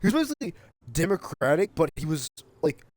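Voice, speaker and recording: A man streaming a game, ranting in a heated, profane way and often shouting. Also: fairly high pitch, very animated, a little fast. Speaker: gaming streamer. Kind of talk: casual rant while streaming a game.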